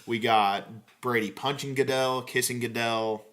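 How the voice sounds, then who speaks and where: A man with a bright, forward voice banters on a casual sports podcast. He fires off quick, opinionated takes and jokes, keeping the chat loose and playful. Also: medium pitch, steady tone. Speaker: podcast co-host.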